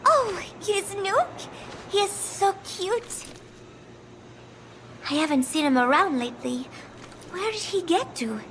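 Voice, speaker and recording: A gentle young game heroine. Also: female voice, very high voice, animated, slow pace, long pauses, a little hiss or hum, heavily acted, poor audio. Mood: fond. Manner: soft, gentle and earnest. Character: gentle young woman, soft-spoken and kind. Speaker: game character. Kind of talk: video game voice acting.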